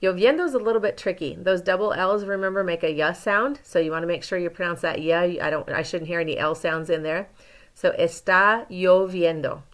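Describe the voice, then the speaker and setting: Woman teacher leading slow pronunciation drills. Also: on the low side. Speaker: Spanish teacher. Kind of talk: recorded classroom lesson.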